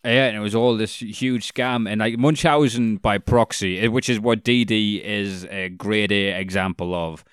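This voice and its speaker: Brief: man, podcast co-host, low smooth voice, blunt and sweary, dry close sound. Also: moderate pace, hardly any pauses, dry recording. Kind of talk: casual chat.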